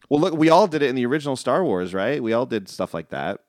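A man co-hosting a podcast, chatting casually about a film in an animated way, with frequent fillers and restarts. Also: medium pitch, a little fast, no room sound, studio quality. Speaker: podcast co-host.

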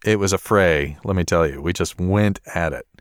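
A man's voice: sits low, normal speed, clean tone, no echo, clean studio sound. A man co-hosting a podcast in a casual chatty way, laughing often and poking fun at himself. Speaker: podcast co-host.

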